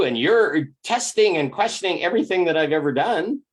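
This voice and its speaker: A man's voice: a little high, animated, fairly quick. A man giving a reflective spiritual self-help monologue, candid and emphatic, swearing freely and often repeating words as he thinks aloud.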